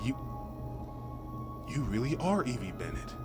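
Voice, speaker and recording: A man's voice: medium pitch, big pitch swings, a little slow. Urgent man playing a resolute detective. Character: determined male detective, gruff and resolute. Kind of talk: horror audio drama. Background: music.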